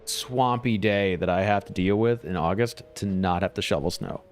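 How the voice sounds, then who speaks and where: A man's voice: low voice, normal speed, faint music behind. A man chatting casually while streaming a game, rambling along and chuckling often. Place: home.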